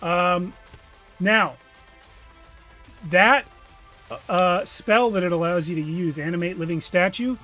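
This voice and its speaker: A man's voice: sits high, steady tone, takes it slowly, pauses often, pushed and bright, faint music behind. A man narrating a tabletop game as game master, with loose, rambling delivery.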